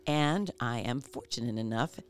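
A woman's voice: a bass voice, expressive, moderate pace. A woman hosting a podcast, telling a reflective story in a casual, emphatic way. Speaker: podcast host. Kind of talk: conversational storytelling.

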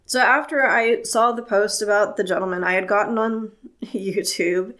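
Woman podcast host, solo monologue, earnest and plain-spoken, slow delivery. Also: mid-range voice, fairly bright tone.

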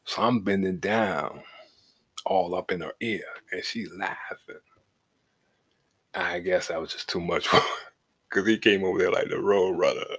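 Deep husky man telling a story. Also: fairly even intonation, unhurried, long pauses, a bit bright. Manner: loose and profane, leaning on "you know what I'm saying"; shifts from laid back to heated as the story builds. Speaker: podcast host. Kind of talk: casual storytelling.

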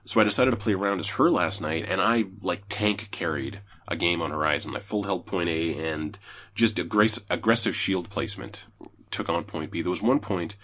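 A young man chatting casually about video games, telling animated stories and swearing often. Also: slight background noise. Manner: animated storyteller, swears, jumps high when excited. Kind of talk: casual gaming chat.

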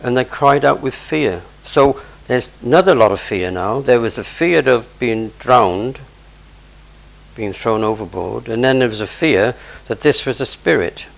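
Male preacher, gravelly, chatty explanatory sermon, mid-range pitch. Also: expressive, measured pace, poor audio. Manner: explains verse by verse, conversational asides. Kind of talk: sermon on scripture.

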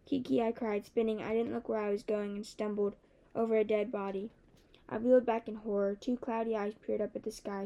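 A woman narrating a fantasy novel in the first person, with steady, even storytelling. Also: medium pitch. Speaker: audiobook narrator.

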